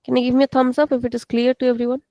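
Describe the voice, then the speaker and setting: A woman's voice: high-pitched, level tone, racing, mellow, dry recording. A woman teaching a live online class, patiently explaining and repeating words for her students. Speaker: Portuguese teacher.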